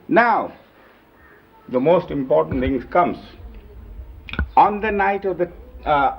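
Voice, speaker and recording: A man's voice: a little high, a little hiss or hum. Man telling stories on lo-fi 1970s tape. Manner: lively, emphatic retelling with acted-out quotes. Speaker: storyteller recalling his years as a companion. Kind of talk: informal anecdotal storytelling. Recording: dull lo-fi 1970s reel-to-reel videotape.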